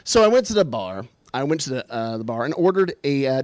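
A man with a fairly high voice tells a funny story about himself. He is animated and self-deprecating, and he sets up each punchline. The recording is close and dry, with no room sound. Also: quick pace, few pauses, no echo. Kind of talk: comic personal storytelling.

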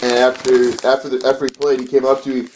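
A young man co-hosting a casual podcast chat, an animated storyteller who swears a lot and laughs often. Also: mid-range voice, fast talker, a little hiss or hum. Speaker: podcast co-host.

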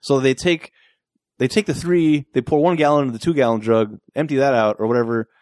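Podcast guy talking fast about a movie, rambly, lots of uhs, dry sound. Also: medium pitch, a little mellow, dry recording. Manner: rambling, full of fillers and quick asides. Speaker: podcast co-host. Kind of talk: casual movie recap chat.

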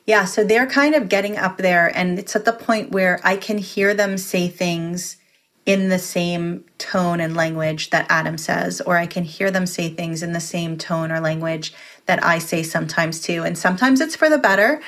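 Earnest woman giving calm advice. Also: fairly low pitch, a little slow. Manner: earnest, advice-giving, thinks aloud with restarts. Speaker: podcast guest. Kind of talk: casual podcast conversation.

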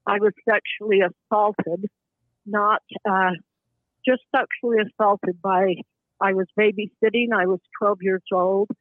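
A woman in her seventies calling in to a show, speaking in a halting, impassioned way with bursts of anger. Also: medium pitch, dry recording. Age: 70s. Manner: halting, impassioned, angry outbursts. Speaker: caller. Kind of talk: emotional call-in testimony. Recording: tinny phone line.

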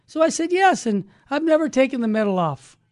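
A man's voice: very high-pitched, very animated, a little fast, pitched above the performer's own voice. A man voicing a dying old man in a retold story, speaking earnestly. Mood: recounting. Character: dying old man, gruff then grateful.

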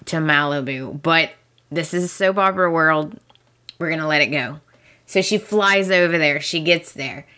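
A woman's voice: on the low side, sharp tone. A woman hosting a podcast, chatting casually and emphatically as she recaps a soap opera, often laughing. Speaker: podcast host.

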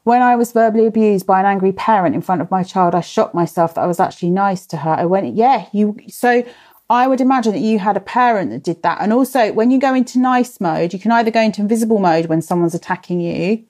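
A woman in her thirties or forties hosts a parenting workshop on a live stream. She talks in a chatty way and answers viewers by name while she reads their comments. Her voice is mellow and sits at a middle pitch. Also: fast talker.

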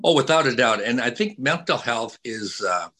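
A man's voice: medium pitch, expressive, normal speed, poor audio. An older man, a retired hockey player, chatting casually with fans, telling stories with many repeats and fillers. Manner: warm storyteller, repeats words, many fillers.

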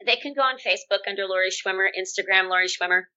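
A woman who is a guest on a podcast, answering in a quick, plain-spoken way. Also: mid-range voice, bright, forceful tone. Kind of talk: casual interview. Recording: slightly dull, muffled recording.

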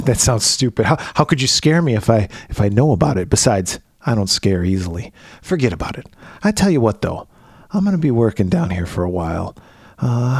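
A man voicing a creepy middle-aged uncle who questions a boy in a soft, prying, overly friendly way, read aloud as a film scene. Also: lowish voice, no room sound, studio quality.

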